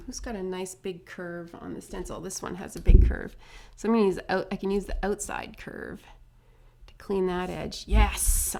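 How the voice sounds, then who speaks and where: A woman giving a casual face painting tutorial, chatty and upbeat, full of asides and quick tag questions. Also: mid-range voice, gravelly.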